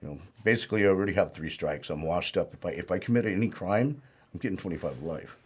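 A man's voice: deep voice, fast talker, breathy edge. A man speaking as an interview guest, telling his life story in a plainspoken, rambling way with lots of "you know".

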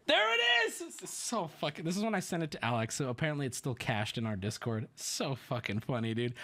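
A male streamer in casual commentary, telling a story in a sarcastic, profane, animated way. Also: on the high side, brisk, few pauses.

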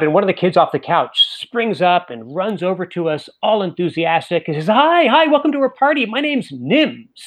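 A man telling a comic story to an audience, with dry, deadpan delivery and frequent restarts. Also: on the high side, poor audio.

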